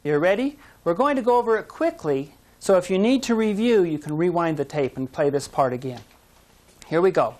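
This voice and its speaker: A woman teaching English pronunciation, modeling words slowly and patiently with encouraging praise. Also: on the low side, lively intonation, a little mellow. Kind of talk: slow, clear pronunciation lesson. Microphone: studio mic, language course tape.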